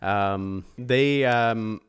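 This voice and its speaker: A man's voice: fairly low pitch, extremely slow, clear, resonant tone. A man from Canada co-hosting a podcast in casual chat, laughing often and poking fun at himself. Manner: laughs often, self-deprecating. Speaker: podcast co-host.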